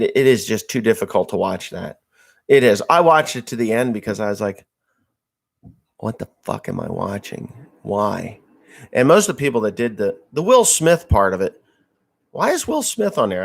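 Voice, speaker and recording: Blunt, rambling farmer with a lowish voice. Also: male voice. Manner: rambling, blunt, with crude jokes. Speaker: farmer hosting a live stream. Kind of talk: casual live-stream chat reading viewer messages.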